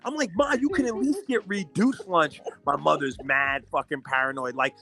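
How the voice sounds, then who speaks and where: A male podcast host telling animated, profane stories with a lot of laughter, with faint music behind. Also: a little high, normal speed, vocal fry. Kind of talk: casual storytelling chat.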